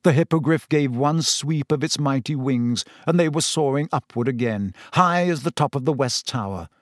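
A man's voice: medium pitch, normal speed, no room sound. Man narrating a story, dry close sound. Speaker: audiobook narrator. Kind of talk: scripted narration.

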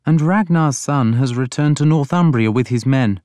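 A man voicing a mild but stern scholarly king in an audiobook, speaking in a measured way. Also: mid-range voice, a little mellow, dry recording, pitched above the performer's own voice, close to an everyday voice. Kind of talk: audiobook character voice.

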